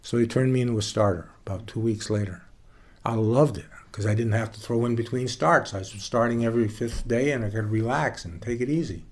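A man being interviewed, telling stories from his years as a baseball pitcher in a relaxed, folksy way with some plain swearing. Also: fairly quick. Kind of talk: casual storytelling interview.

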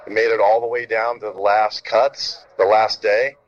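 A middle-aged man, a former pitcher, telling stories in casual chat, acting out quotes and swearing freely. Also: measured pace. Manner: animated storyteller, acts out quotes, swears freely. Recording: dull lo-fi sound.

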